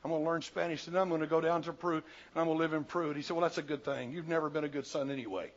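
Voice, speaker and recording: A Southern US pastor in his sixties preaches a sermon in a church sanctuary. His somewhat high voice keeps a steady tone while alternating between loud, rapid bursts and quiet, slow passages. The audio is dull and lo-fi.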